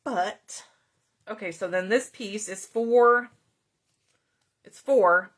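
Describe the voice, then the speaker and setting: A woman's voice: mid-range voice, slow pace. A middle-aged woman hosting a card-making tutorial, chatting casually with viewers and greeting commenters by name as she works. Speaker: card-making video host.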